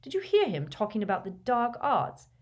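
A woman's voice: on the high side, wildly swooping pitch, normal speed, voice pushed up. A woman voicing a fuming teenage boy wizard in an audiobook reading, speaking in a heated, indignant way.

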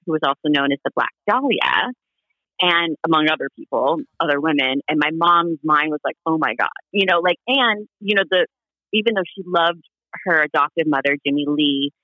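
A man from Hawaii, a podcast guest, telling family stories in a casual interview, animated and laughing, acting out quoted voices. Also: on the high side, no echo, lo-fi sound.

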